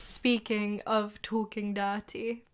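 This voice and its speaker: A woman's voice: mid-range voice, flat delivery, takes it slowly. A woman co-hosting a podcast in casual chat, telling stories playfully and laughing often. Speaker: podcast co-host.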